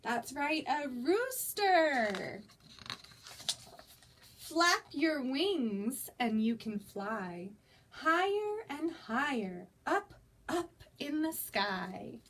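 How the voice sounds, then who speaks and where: A young woman reads a picture book to toddlers in a high, lilting voice that swoops up and down, unhurried and coaxing. A faint hum of room noise sits under her voice. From United States. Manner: sing-song, animated, coaxing children to join in. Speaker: children's librarian. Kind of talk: toddler story time reading aloud.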